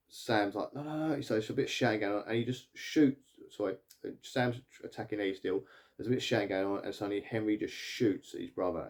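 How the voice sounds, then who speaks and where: Young male TV reviewer, deep voice, rambling casual recap. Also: darkish tone. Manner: rambling, full of "like" and "sort of". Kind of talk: casual spoken episode recap.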